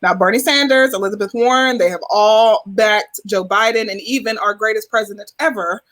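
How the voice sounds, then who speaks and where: A woman's voice: medium pitch, fairly even intonation, fairly quick, fairly bright tone. A woman co-hosting a casual talk show, emphatic and repeating phrases for effect. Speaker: podcast co-host. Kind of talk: casual political chat.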